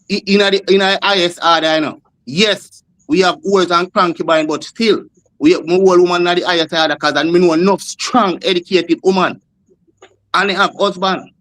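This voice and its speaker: A man's voice: high-pitched, fairly bright tone, no echo. A man with a Jamaican accent arguing on a discussion panel, repeating himself and calling others "brother". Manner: repetitive, insistent, keeps saying "brother". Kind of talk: heated panel debate.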